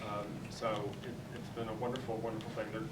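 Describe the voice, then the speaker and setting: A man's voice: on the low side, level tone, quick pace. A middle-aged man telling family anecdotes at a church panel, laughing often. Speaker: drag nun guest. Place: large echoey church sanctuary. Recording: echoey room, distant mic, background noise.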